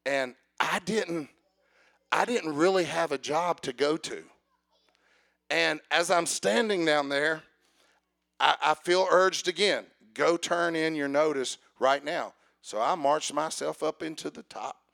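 A man preaching a sermon, telling a personal story with acted dialogue and building to loud calls for amen. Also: on the high side, measured pace, vocal fry.

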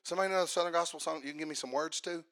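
Fiery high-voiced preacher. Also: male voice, fairly even intonation, very fast. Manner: swings from hushed asides to shouted emphasis. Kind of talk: fiery sermon.

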